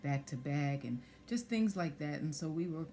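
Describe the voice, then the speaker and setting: Soft-spoken woman with a gravelly low voice. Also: expressive, normal speed, a little hiss or hum. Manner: soft-spoken, hesitant, many fillers. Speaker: guest sharing pregnancy loss story. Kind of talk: personal testimony conversation.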